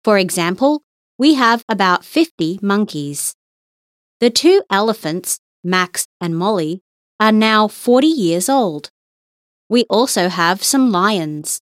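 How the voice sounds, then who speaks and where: A woman reading English listening-test passages slowly and with careful enunciation. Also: mid-range voice, expressive, dry recording, studio quality. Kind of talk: scripted exam reading.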